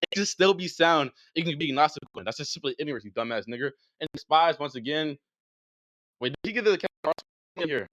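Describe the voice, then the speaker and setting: A young man's fast, bright, cutting voice tears into an opponent in a heated voice-chat debate, insulting him without pause. The sound is dry and close, with dull, lo-fi voice-chat quality. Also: on the high side, expressive, dry recording. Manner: aggressive, insulting, rapid-fire ranting. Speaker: online debater.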